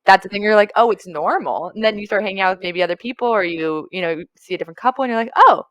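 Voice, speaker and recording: A woman's voice: medium pitch, racing, a bit bright, dry recording. Reflective young woman in long run-ons. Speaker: podcast co-host. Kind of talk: casual chat.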